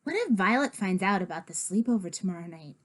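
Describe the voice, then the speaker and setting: A woman's voice: mid-range voice, expressive, quick pace, close to an everyday voice. A woman doing a secretive, breezy schoolgirl. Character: young schoolgirl, secretive and dismissive.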